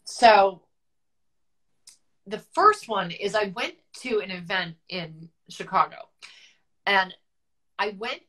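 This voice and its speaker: A woman's voice: mid-range voice, lively intonation, takes it slowly, long pauses, sharp tone, low-quality recording. A woman in her fifties, a guest author, telling her own story candidly in an interview, with many fillers and a voice that turns tearful at times. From United States. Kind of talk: emotional personal storytelling.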